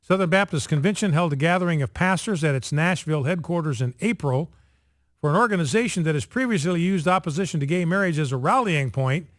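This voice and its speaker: A man with a fairly high voice hosts a talk radio show, holding forth in an indignant, sarcastic monologue. He hammers his points home by repeating phrases. The studio sound is dry, with almost no room echo. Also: fast talker.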